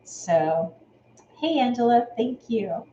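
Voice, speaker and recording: A woman's voice: a little high, animated, slow pace, mellow, dull audio. Chatty woman on a live stream. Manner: rambling and chatty, thanking viewers by name. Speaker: sewing channel host. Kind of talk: casual live-stream chat. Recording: echoey room with faint noise.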